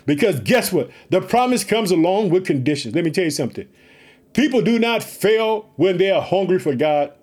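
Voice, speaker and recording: Pumped up and excited, this male preacher speaks at a normal speed in a high-pitched voice. He keeps addressing his listeners directly and circles back to the same catchphrases.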